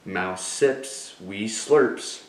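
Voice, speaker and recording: A man reading a picture book aloud in a lively storytelling way, voicing sound words with relish. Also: on the low side, drawn-out words, a little hiss or hum. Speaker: reader. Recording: echoey room.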